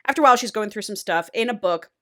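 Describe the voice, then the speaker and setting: A woman co-hosting a podcast, retelling a novel in an animated, casual way and swearing freely. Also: mid-range voice, rapid-fire, dry recording, clean studio sound. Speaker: podcast co-host. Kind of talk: casual book recap.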